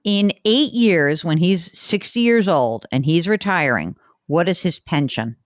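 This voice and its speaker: A woman hosts a money call-in show in a lowish voice. She talks briskly, teases and asks pointed questions. The dry studio mic sits close. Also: animated, dry recording. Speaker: podcast host, money advice. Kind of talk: casual radio call-in chat.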